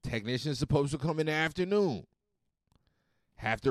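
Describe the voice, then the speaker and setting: Animated, profane man telling a story. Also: on the high side, moderate pace, no room sound, studio quality. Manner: animated, profane, swings loud and soft. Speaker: podcast host. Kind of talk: casual storytelling monologue.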